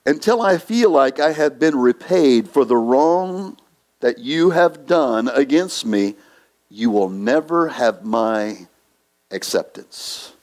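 A male pastor preaching a sermon in a church, slow and emphatic, repeating phrases for weight. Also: mid-range voice, a little mellow.

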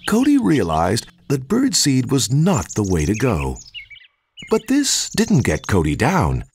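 A man reads a children's story aloud, his voice swooping widely from low to high in a sing-song way. There is a gravelly edge in the low notes. Soft music plays clearly behind him. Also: unhurried. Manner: warm, expressive, sing-song read-aloud.

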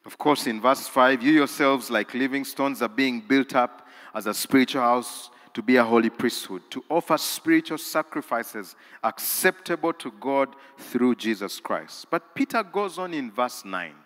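A man preaches a sermon in a large cathedral, his voice bright and forceful, with pitch that climbs and falls a great deal. He drops to hushed lines, then rises to loud, repeated, emphatic phrases. Long hall reverb trails after every word. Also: animated, slow pace. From Uganda.

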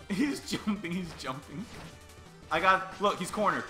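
A young man hosting a casual co-op let's play, excitable and full of playful trash talk. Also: high-pitched, a little slow. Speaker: gaming channel host. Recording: echoey room with game music.

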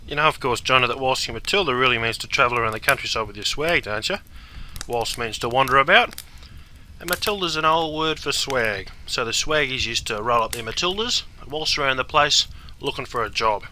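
Gravelly Australian man, bright voice. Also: mid-range voice, lively intonation, fairly quick, slight background noise, poor audio. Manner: broad, laid-back slang. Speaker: language course presenter. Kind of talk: recitation and casual banter.

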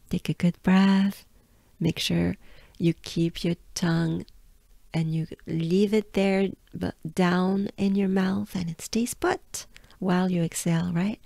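A French woman with a French accent gives a very slow, patient pronunciation lesson. She repeats each syllable in a mellow, warm voice and encourages the listener. The recording is dry and close. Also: mid-range voice, vocal fry, dry recording. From France. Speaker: pronunciation coach.

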